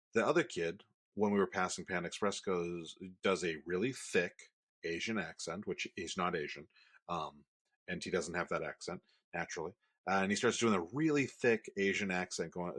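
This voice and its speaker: A man in his thirties co-hosts a relaxed podcast chat with a bright, forceful tone and a voice on the low side. He rambles with frequent restarts as he tells family stories. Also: moderate pace. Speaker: podcast co-host. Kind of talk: casual chat.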